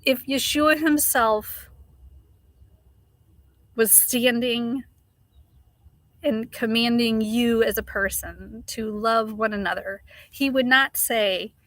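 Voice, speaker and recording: Middle-aged woman, live streamer, heated unhurried rant, bright tone, dry close sound. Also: on the high side, no room sound. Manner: passionate, ranting, swears, greets chat viewers. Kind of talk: casual livestream chat.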